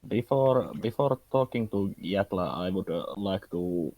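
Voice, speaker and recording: A man with a very deep voice weighs in on the group's plan, slow to find his words and pausing often. His voice is dry and close to the mic. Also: animated, dry recording, phone-quality sound. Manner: hesitant, deliberate, with pauses on "uh". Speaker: tabletop game player. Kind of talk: casual planning talk at the game table. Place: home, online voice chat.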